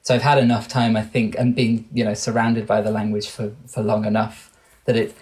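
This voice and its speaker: A man's voice: fairly low pitch, level tone, brisk, darkish tone. A man in his thirties from Wales with an English accent, a guest on an interview podcast who speaks thoughtfully and keeps restarting and correcting his sentences. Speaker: guest researcher.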